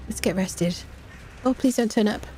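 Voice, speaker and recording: A woman's voice: medium pitch, moderate pace, darkish tone, faint music behind. Jumpy, jokey woman gaming. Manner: jittery, jokey, often shrieking in fright. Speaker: streamer. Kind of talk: live gameplay commentary.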